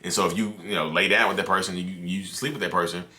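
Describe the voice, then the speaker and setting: Deep-voiced man talking casually to camera. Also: steady tone, fast talker, sharp tone. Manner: conversational and loose, with many "you know" and "like" fillers and restarts. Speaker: mental health content creator.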